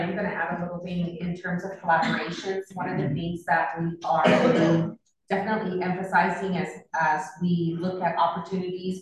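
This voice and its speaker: A woman moderating a public meeting, speaking in a measured, formal way with occasional fillers. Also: fairly low pitch. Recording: echoey room, mic far off.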